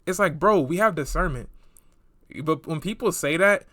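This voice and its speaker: A man's voice: a little high, animated, normal speed, fairly bright tone, no echo, clean studio sound. A young man giving casual commentary in a slangy, chatty way, often calling the listener bro. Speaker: online commentator.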